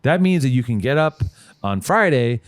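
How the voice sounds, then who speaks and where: A man's voice: medium pitch, big pitch swings, normal speed, no room sound. A man hosting a podcast, reading ads in a brash, profane, joking riff. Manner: brash and profane, riffing jokes. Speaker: podcast host. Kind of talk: casual podcast ad read.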